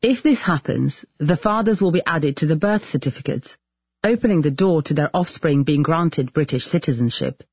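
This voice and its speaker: Husky man narrating a documentary. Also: a little high, animated, normal speed, no room sound, dull audio. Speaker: journalist presenter.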